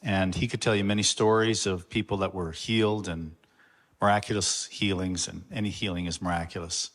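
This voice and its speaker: Low-voiced pastor addressing his church. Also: fairly even intonation, a bit bright. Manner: earnest, halting address with fillers. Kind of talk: introducing a guest to the congregation. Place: church sanctuary. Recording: long church reverb.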